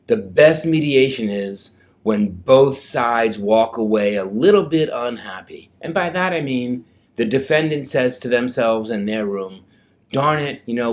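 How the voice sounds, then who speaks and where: A male lawyer talks clients through a legal process in a relaxed, conversational way. His voice sits at an ordinary middle pitch, and he keeps things plain and easy to follow. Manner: conversational, explains in plain terms.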